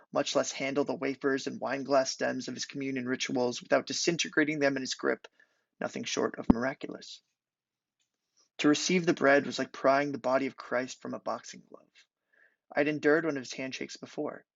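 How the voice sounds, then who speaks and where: A young man gives a measured, deliberate reading of his literary prose, his voice gravelly with fry. The sound is close and dry, with a dull, lo-fi tone. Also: mid-range voice, no echo. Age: young adult. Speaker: student reading his thesis. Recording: dull lo-fi recording.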